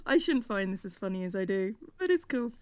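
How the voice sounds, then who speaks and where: A woman's voice: medium pitch, sing-song, clean tone. A woman with an accent close to received pronunciation, chatting casually on a livestream, laughing often and thanking viewers. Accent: near received pronunciation English. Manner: giggly, quick to laugh. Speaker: streamer and co-host.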